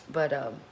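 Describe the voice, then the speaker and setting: A middle-aged woman, chatting folksily to her cooking channel viewers at home, laughing often. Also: slight background noise. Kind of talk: casual chat to viewers.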